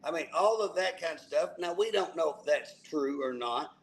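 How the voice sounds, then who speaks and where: Guy on a talk show, kinda high voice, folksy, stumbles and repeats words, really emphatic. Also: lively intonation, normal speed, rough recording. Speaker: co-host. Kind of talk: casual political talk show.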